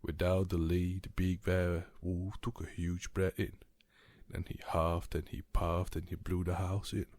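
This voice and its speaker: A man reading a bedtime story aloud in a calm, soothing, soft-spoken ASMR manner. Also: deep voice, measured pace, dry recording.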